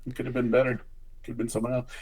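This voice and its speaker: A man's voice: mid-range voice, racing, breathy edge, low-quality recording. Jokey male podcast host. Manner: jokey, laughs often, lively exclamations. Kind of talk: casual podcast chat.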